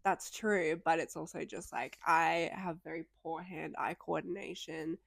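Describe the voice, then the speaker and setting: A young woman co-hosting a podcast, telling stories in casual chat, with many "like"s and sudden excited jumps. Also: unhurried, creaky, no room sound. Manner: animated storyteller, leans on "like", bursts into high excited outbursts. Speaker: podcast co-host.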